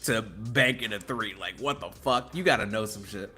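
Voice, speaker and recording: A man guesting on a sports podcast, dramatic and expressive in casual chat. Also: on the low side, normal speed, breathy edge, faint music behind.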